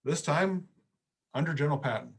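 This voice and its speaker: A middle-aged man, a history professor, giving an online history lecture in a relaxed, storytelling way. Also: on the high side, brisk, breathy edge. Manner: conversational storytelling with casual phrasing.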